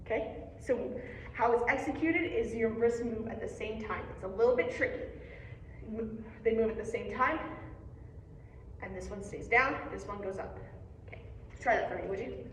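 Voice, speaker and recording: A woman's voice: a little high, normal speed, pauses often, slight background noise. Encouraging young woman teaching drums. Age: young adult. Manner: patient, encouraging, step-by-step instructions. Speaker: percussion teacher. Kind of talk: hands-on music lesson. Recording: echoey room, mic far off.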